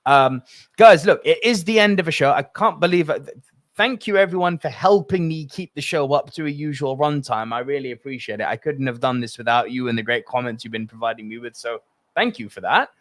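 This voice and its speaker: A man's voice: mid-range voice, brisk, a bit bright, no echo, studio quality. A man hosting a solo podcast, talking passionately and in a rambling way while reading out live chat comments. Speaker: podcast host.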